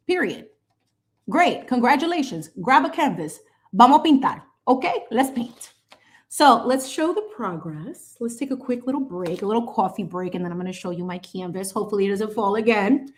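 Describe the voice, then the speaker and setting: A woman's voice: mid-range voice, normal speed. A woman in her late thirties hosting a live painting stream, chatting casually and animatedly with viewers as she paints. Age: 30s. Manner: chatty, animated, greets chat viewers with squeals. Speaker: painting livestream host.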